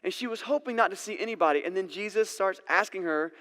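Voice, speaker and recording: A man's voice: sits high, fast talker, bright, forceful tone. A man preaching a sermon in a casual, conversational way, acting out the scenes he retells. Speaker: pastor. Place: church sanctuary. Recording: long church-hall reverb.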